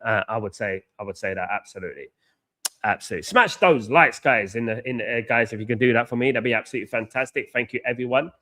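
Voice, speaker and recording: A man hosts a live football watchalong in a mid-pitched voice. He chats casually, keeps thanking his viewers and repeats himself as the game plays. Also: fast talker, sharp tone. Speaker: watchalong host.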